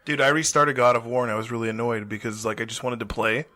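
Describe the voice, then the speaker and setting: A man's voice: mid-range voice, fast talker. A young man co-hosting a casual podcast, telling stories with lots of swearing and laughter. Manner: profane, animated storytelling, laughs often. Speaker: podcast co-host.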